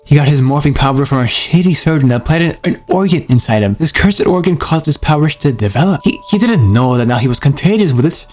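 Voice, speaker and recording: A man narrates in mock noir detective style, his pitch sitting a bit high and swinging widely from line to line. His delivery is dramatic and over the top. Music plays clearly behind his voice-over. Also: animated, a little fast, few pauses, darkish tone.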